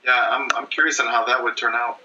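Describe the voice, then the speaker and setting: A man's voice: medium pitch, level tone, fairly quick. A man co-hosting a podcast, teasing and needling with dry questions. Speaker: podcast co-host. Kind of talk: casual podcast banter. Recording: dull lo-fi mic with faint hiss.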